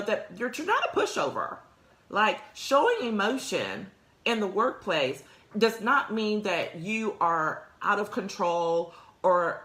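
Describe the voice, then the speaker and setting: A woman's voice: medium pitch, a bit bright, roomy sound. A woman hosting a career podcast, talking through workplace advice in a conversational, emphatic way with frequent laughs. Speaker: podcast host. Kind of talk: casual advice talk.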